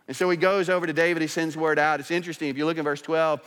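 A man preaching a sermon as pastor, emphatic, swinging between rising intensity and quiet asides. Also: fairly high pitch, fast, hardly any pauses, smooth, big-room sound.

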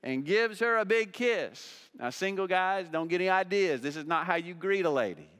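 A man preaching a sermon as pastor, swinging between loud emphatic peaks and hushed low passages, often repeating words for emphasis. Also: animated, moderate pace, clear, resonant tone.

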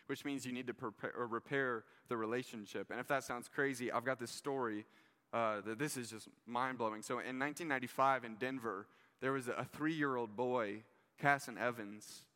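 Male pastor, casual and earnest preaching, bright voice, reverberant hall. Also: medium pitch. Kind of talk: sermon.

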